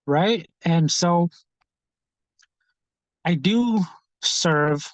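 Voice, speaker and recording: A man telling his own story in an interview, earnest and halting, often repeating words as he searches for what to say. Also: a little high, no room sound, rough recording. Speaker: street ministry founder.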